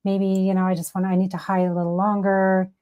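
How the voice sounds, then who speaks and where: A woman's voice: medium pitch, monotone, fast, mellow, clean tone, muffled recording. A woman hosting an interview in a chatty, playful way. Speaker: radio host. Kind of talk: casual interview.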